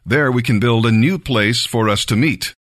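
A man's voice: medium pitch, normal speed, a bit bright, no echo, clean studio sound, natural voice. A man voicing a group of eager prophets in a Bible reading.

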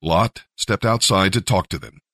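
A man narrating a scripture story with expressive storytelling. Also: deep voice, normal speed, dry recording, studio quality. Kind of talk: scripture reading.

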